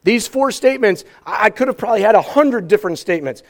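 A man with a high voice delivers a sermon from the pulpit. He preaches with animated energy and breaks into small acted scenes to bring scripture to life. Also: quick pace. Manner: animated, acts out scripture with exclamations. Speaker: pastor.

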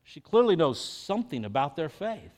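A man with a fairly high voice preaches to a congregation. He talks casually and animatedly, and often cuts himself off mid-thought to start again. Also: normal speed. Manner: conversational and animated, with frequent self-interruptions and restarts. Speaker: pastor. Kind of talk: conversational sermon.

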